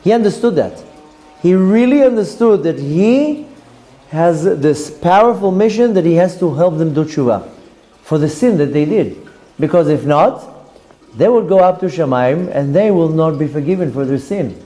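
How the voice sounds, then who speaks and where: A man's voice: a little high, expressive, moderate pace, mellow. A man, a rabbi giving a Torah lesson as a story and acting out the characters' lines.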